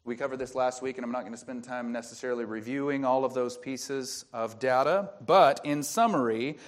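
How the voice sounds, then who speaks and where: A man's voice: mid-range voice, a little fast. A man preaching a sermon as pastor, explaining the grammar of a Bible verse and asking rhetorical questions.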